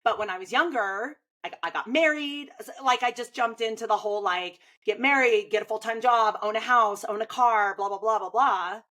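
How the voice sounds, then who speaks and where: A woman in her thirties who coaches swimming talks casually and animatedly, retelling events with lots of "like" fillers. Her voice is a little high, at a moderate pace with hardly any pauses. The recording is low quality.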